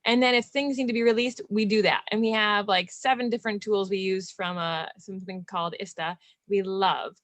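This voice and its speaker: A woman hosting a video interview, speaking candidly in a loose, animated way and laughing often. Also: mid-range voice, a little fast, hardly any pauses, no room sound. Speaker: podcast host and relationship coach. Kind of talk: casual video interview chat.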